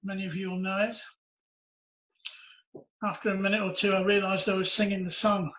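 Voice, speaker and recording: A man's voice: high voice, little pitch movement, brisk, fairly bright tone, rough recording. A man recounting a personal story in an earnest, reflective way during a church interview. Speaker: interviewee sharing his testimony.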